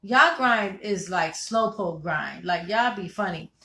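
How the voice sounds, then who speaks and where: A woman from Connecticut co-hosting a casual talk show, animated and playful, telling stories with acted quotes. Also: medium pitch, slow pace, roomy sound. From Connecticut, USA. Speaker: podcast co-host. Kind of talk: casual chat.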